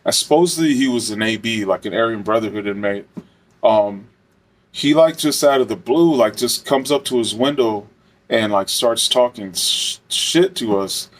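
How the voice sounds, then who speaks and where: A man's voice: lowish voice, moderate pace. A man and former correctional officer telling a casual story, rambling and swearing with lots of fillers. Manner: rambling, profane, many fillers.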